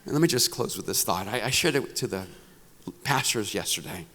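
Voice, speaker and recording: A middle-aged man, a pastor, telling a story in a sermon with lively animated delivery. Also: on the low side, a little fast. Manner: animated storyteller, laughing at his own anecdote. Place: conference hall. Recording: long hall reverb.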